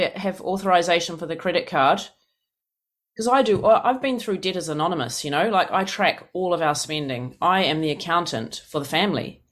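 Speaking at a recovery meeting, this fifty-something from New Zealand has a mid-range, somewhat bright voice and a local accent. The story comes out frank and exasperated, punctuated by yawns, as a casual bit of personal sharing.

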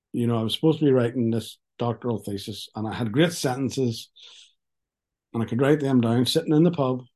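Man, fifties, mellow tone; candid recovery share, wry and halting, over a video call. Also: medium pitch. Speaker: speaker sharing at a recovery meeting. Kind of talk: personal testimony.

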